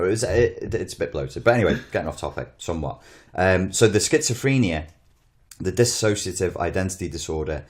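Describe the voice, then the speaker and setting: Deep-voiced guy on a podcast, rambles and swears, keeps cutting himself off. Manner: rambling, blunt, swears, self-interrupting. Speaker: podcast co-host. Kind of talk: casual podcast chat.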